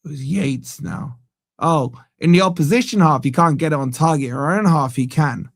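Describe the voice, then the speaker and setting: A man's voice: on the high side, moderate pace, creaky, dry recording, clean studio sound. Exasperated man ranting over football. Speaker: fan channel host. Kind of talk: live match watch-along commentary. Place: studio.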